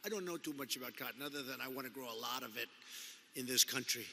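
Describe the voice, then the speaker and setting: A man speaking as president gives an off-the-cuff political speech, rambling, repeating himself, and tossing in conversational asides. His medium-pitched voice is fast, bright, and forceful, with slight background noise and the long echo of a big hall.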